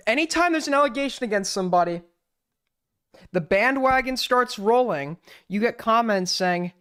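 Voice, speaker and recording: A man's voice: high-pitched, lively intonation, moderate pace, a bit bright, clear, resonant tone. A man live-streaming casual commentary as he reacts to videos, blunt and sarcastic, swearing freely.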